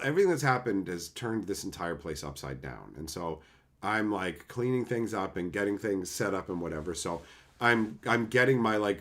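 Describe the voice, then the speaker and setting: A man chatting casually on a livestream and answering chat, animated and swearing freely in loose run-on asides. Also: fairly low pitch. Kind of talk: casual live-stream chat.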